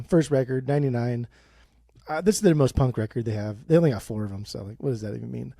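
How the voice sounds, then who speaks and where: Swearing, animated man on a podcast. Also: fast talker, gravelly, dry recording, clean studio sound. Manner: animated, swears a lot, bursts of high-pitched ranting. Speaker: podcast co-host. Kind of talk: casual chat.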